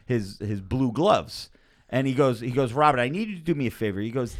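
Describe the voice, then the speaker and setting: A man's voice: mid-range voice, lively intonation, fast talker. A man co-hosting a podcast in casual chat, swearing freely and rambling through a story. He keeps slipping into little acted-out quotes of other people as he goes. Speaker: podcast co-host.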